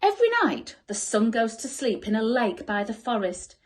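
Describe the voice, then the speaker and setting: A quick-witted, cheerful little boy speaks in a bright, lifted voice that bounces around playfully, put on by a woman reading aloud. He is calm and knowingly tricky, and his pitch swings up high in a lively way.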